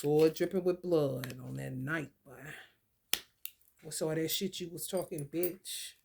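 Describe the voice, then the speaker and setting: A woman's voice: sits low, a little slow, vocal fry, background noise. A woman who reads tarot, ranting in a casual spiritual vlog with blunt, emphatic and profane speech.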